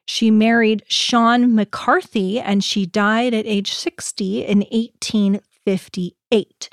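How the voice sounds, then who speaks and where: A woman's voice: medium pitch, fairly even intonation, slow, no room sound, studio quality. Woman telling stories on a podcast. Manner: storytelling, laid-back with fillers. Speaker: podcast host. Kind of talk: casual podcast chat.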